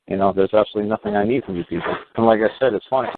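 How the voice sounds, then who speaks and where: A man's voice: fairly low pitch, rapid-fire, creaky. A man hosting a talk show, explaining his views to a caller in a rambling, emphatic way, with many fillers and restarts. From United States. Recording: phone-like line with faint hiss.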